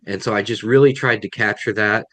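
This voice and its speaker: A man's voice: on the low side, fairly even intonation, a little fast, pushed and bright, no room sound. A man, a guest author, answering questions on a video call in a thoughtful way, often restarting his sentences. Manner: thoughtful, self-correcting, many restarts. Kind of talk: webinar Q&A answers.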